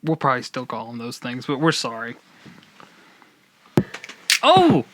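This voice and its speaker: A man's voice: medium pitch, fairly even intonation, fast talker, fairly bright tone, slight background noise. A man co-hosting a casual podcast chat, joking and rambling with restarts. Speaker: podcast co-host.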